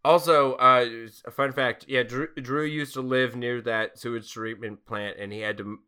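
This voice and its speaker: A man's voice: medium pitch, steady tone, normal speed, bright, forceful tone, smooth. A man co-hosting a podcast in casual movie-discussion chat, profane, sardonic and rambling. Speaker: podcast co-host.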